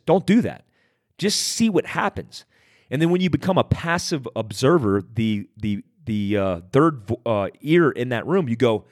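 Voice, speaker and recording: A man's voice: mid-range voice, sing-song, normal speed, a little mellow, no room sound, studio quality. A man hosting a podcast, talking directly and conversationally about handling stress, repeating phrases for emphasis. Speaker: podcast host. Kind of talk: motivational talk.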